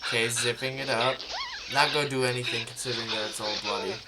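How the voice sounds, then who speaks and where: A chatty man gives casual commentary on a horror game, talking back at the characters as he plays. His voice sits at an ordinary middle pitch, with loud noise behind it. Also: steady tone, fast. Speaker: gamer. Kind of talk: let's play commentary.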